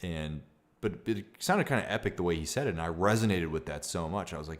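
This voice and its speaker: Young man, very low voice, casual livestream talk, rambling and candid, lots of restarts. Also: expressive, fast talker. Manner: reads viewer comments aloud. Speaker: streamer.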